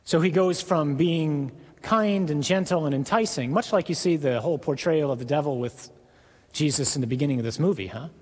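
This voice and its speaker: A man preaching a sermon in an earnest, emphatic way, stressing words slowly. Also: fairly high pitch, long reverb tail.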